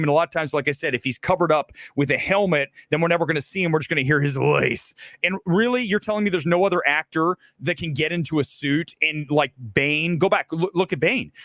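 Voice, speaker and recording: A self-assured man rants about films on his livestream in a raised, slightly high voice. He often repeats and restarts words as he pushes his points. The sound is dry and close, with no room in it. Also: fairly bright tone, no room sound. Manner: emphatic, ranting, self-assured. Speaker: film commentator host. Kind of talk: livestream movie commentary.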